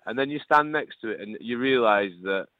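A man's voice: mid-range voice, brisk, dry recording. A forty-year-old man from Lancashire with a Lancashire accent, a radio guest chatting in a jokey, restarting way. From Lancashire, England. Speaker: phone guest. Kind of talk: casual chat. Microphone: phone line. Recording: tinny phone line.

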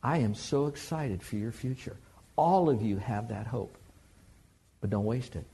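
A man preaching a sermon in a conversational, animated way, joking with the congregation. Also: medium pitch, unhurried, creaky, breathy edge.

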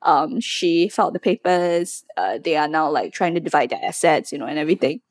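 A young woman hosting a casual pop culture podcast, chatty and lively, with many fillers, acting out quotes as she talks. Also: low-pitched, fairly quick, dry recording, clean studio sound. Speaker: podcast host. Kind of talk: casual chat.

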